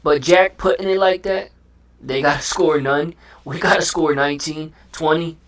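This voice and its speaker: A man talking casually as a host, with lively slang, acting out what he would say. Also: on the high side, normal speed. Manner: animated slang-heavy talk, acts out what he would say. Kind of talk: casual chat.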